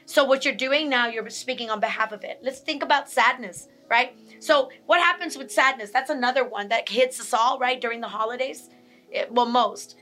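A woman with a high, bright voice gives a teaching talk on emotions. She repeats her key points and briefly acts out angry and sad examples. Faint music plays behind her. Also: moderate pace. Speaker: speaker on emotional health.

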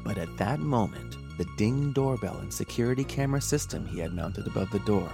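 Horror podcast narrator, low gravelly man, measured dramatic reading. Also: expressive. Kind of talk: scripted horror story narration. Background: faint music.

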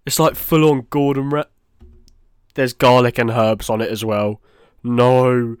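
A man hosts a casual solo commentary, reacting bluntly and with exasperation. His voice is smooth and clear, with a mid-range pitch. The sound is dry, with no room echo. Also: fairly even intonation, a little slow, long pauses. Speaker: host.

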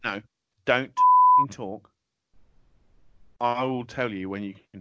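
A man's voice: mid-range voice, takes it slowly, long pauses, bright, forceful tone. A man co-hosting a casual podcast, swearing freely and flaring into exasperated rants. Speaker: podcast co-host.

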